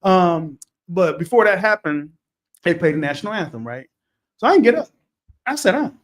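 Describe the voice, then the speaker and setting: A middle-aged man co-hosting a podcast, telling a story in a casual, animated way that turns loud as he retells it. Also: sits high, normal speed. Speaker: podcast co-host.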